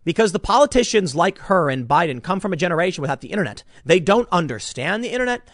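Male political commentator with a high, swooping voice. Rambling, animated delivery with many restarts. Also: quick pace, no room sound, studio quality.

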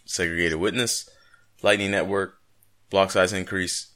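A man's voice: sits low, little pitch movement, a little slow, bright, forceful tone. A man co-hosting a casual podcast, joking and rambling through his explanations. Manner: jokey, rambling, playful asides. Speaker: podcast co-host.

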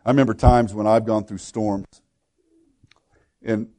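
A man's voice: fairly low pitch, steady tone, unhurried, mellow, no room sound. Earnest middle-aged man preaching. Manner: earnest, conversational preaching that acts out quoted prayers. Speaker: pastor. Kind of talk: sermon.

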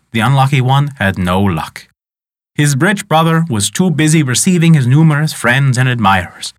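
A man narrating a folk tale in an expressive, dramatic way as the storyteller of the show. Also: medium pitch, no echo, clean studio sound.

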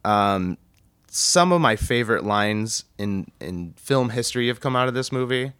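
A man's voice: medium pitch, lively intonation, moderate pace, a bit bright, clear, resonant tone, no echo. A man from the Chicago suburbs hosting a casual podcast chat, rambling and laughing as he retells scenes. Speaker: podcast host reviewing a film.

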